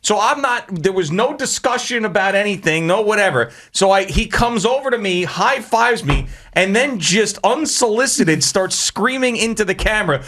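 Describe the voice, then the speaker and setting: A man co-hosting sports radio, telling a story in an animated, amused way. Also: high-pitched, moderate pace, few pauses.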